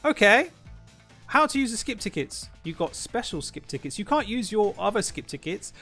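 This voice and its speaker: High-pitched guy with a gravelly rasp, swearing and ranting about a game. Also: very animated, fairly quick, a bit bright, faint music behind. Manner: exasperated, swears often, rhetorical questions. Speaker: gaming channel host.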